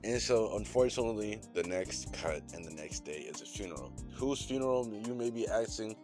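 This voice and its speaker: A man's voice: fairly low pitch, animated, brisk, music in the background. A young man hosting his channel, recapping an anime episode in a loose, slangy, profane way full of fillers. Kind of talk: casual recap commentary.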